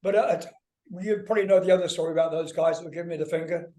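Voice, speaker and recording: A man's voice: on the high side, rapid-fire. An older man, a guest musician, telling stories in a casual interview, swearing freely and acting out other people's voices. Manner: animated, swears freely, acts out voices in anecdotes.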